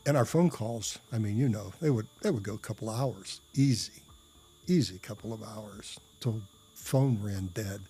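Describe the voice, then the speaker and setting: A man's voice: fairly low pitch, normal speed, mellow, husky. A man telling a personal story in a casual, rambling way, with many fillers and restarts and blunt, salty language. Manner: blunt, profane.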